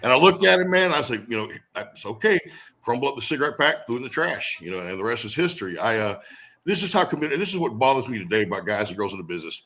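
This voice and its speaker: A man's voice: medium pitch, fast talker, rough recording. A middle-aged man being interviewed as a guest wrestler, telling stories with swearing and acted-out quotes. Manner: animated storyteller who acts out quotes, swears freely. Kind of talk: storytelling interview.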